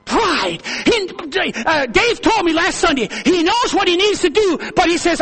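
A man preaching a sermon to a congregation, calling for amens, swinging between loud high exhortation and low hushed storytelling. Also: big pitch swings, moderate pace. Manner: calls for amens, reads aloud to the congregation.

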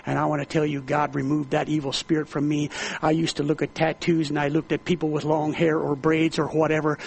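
A man preaching a sermon to a congregation, calling for amens, swinging between loud high exhortation and low hushed storytelling. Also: gravelly, slight background noise. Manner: calls for amens, reads aloud to the congregation.

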